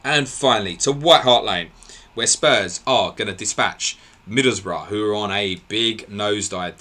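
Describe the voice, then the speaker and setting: A man hosting a live football podcast, briskly reeling off team line-ups and laughing at his own slips. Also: fairly low pitch, sharp tone. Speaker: podcast host.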